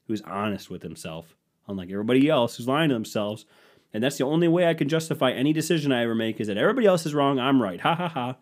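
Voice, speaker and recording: A man's voice: mid-range voice, expressive, fast. A man hosting his own podcast, telling stories in a profane, sarcastic rant. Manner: profane, sarcastic, ranting storyteller. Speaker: podcast host.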